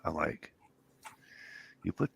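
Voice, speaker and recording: A middle-aged man, telling rambling, profane stories and acting out the dialogue. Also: slow. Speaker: podcast co-host. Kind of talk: casual storytelling chat.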